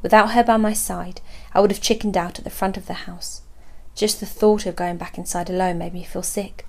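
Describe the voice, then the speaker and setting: A woman's voice: fairly low pitch, fairly even intonation, a little fast, vocal fry. Woman reading a story aloud. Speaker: audiobook narrator. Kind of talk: first-person storybook narration.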